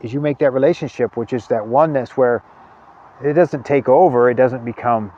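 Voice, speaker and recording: A man giving an earnest spiritual talk, halting often and repeating words as he searches for them. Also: mid-range voice, warm tone, highs cut off. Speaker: spiritual teacher.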